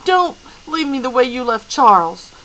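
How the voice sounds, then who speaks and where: A woman reading aloud voices a frightened young girl who shouts for her father and friend in terror. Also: high voice, sing-song, normal speed, muffled recording, pitched above the performer's own voice. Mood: terrified.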